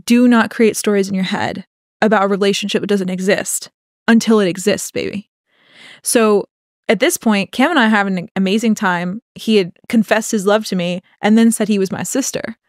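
A young adult woman co-hosting a podcast, telling a personal story in a casual, animated way, laughing often and acting out what people said. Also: mid-range voice, moderate pace, no room sound, clean studio sound. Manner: animated, laughing, quotes people in acted voices. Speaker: podcast co-host.

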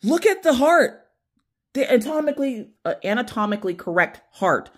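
A woman hosting an unboxing vlog, chatty and excitable, talking straight to her viewers. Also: on the high side, moderate pace. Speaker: craft channel host.

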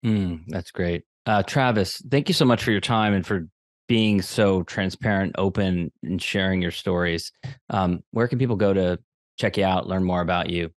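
A man's voice: low voice, normal speed, no room sound, studio quality. A man hosting a podcast interview, asking questions politely with a few fillers. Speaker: podcast host.

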